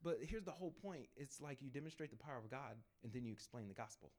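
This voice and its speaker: Man telling lively faith testimony stories. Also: mid-range voice. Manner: lively, laughs between anecdotes; acts out dialogue in quick asides. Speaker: panel speaker on evangelism. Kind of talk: storytelling testimony.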